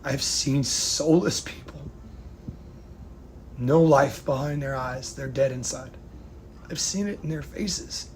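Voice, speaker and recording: A man from the United States delivering an angry, profane rant to camera, swinging between loud outbursts and hushed, near-whispered lines. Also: mid-range voice, slow pace, long pauses, slight background noise. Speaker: vlogger.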